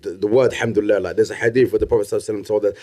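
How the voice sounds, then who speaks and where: A man's voice: lowish voice, steady tone, mellow. A young man hosting a casual podcast, joking one moment and giving earnest advice the next. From London, England. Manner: quick banter that turns earnest and preachy. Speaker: podcast host. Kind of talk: casual chat.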